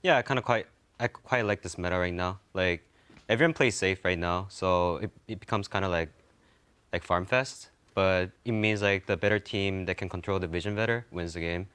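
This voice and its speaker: Young guy with a low smooth voice, halting answers full of like. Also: fairly bright tone. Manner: halting, simple phrasing, lots of fillers. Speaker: esports player. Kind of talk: post-match interview.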